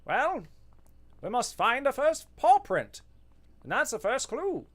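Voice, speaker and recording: A man's voice: extremely high pitch, wildly swooping pitch, fairly bright tone, voice pushed up, exaggerated voice. A man doing a snooty, theatrical voice with an old-fashioned transatlantic accent. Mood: pompous. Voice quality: plummy, drawn-out, theatrical.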